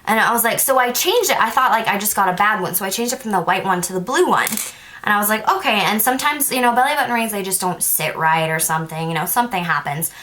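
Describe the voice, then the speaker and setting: A woman's voice: medium pitch, lively intonation, fast talker, pushed and bright. A young woman talks straight to her camera in a casual storytime vlog. She rambles in a chatty way, with "like" in nearly every sentence, and acts out what each person said. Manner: chatty, says "like" a lot, acts out both sides of conversations. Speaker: vlogger.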